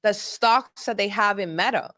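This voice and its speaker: A woman's voice: mid-range voice, normal speed, fairly bright tone. Emphatic accented woman podcaster. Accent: non-native English. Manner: emphatic, repeats points. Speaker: podcast co-host. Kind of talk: political podcast chat.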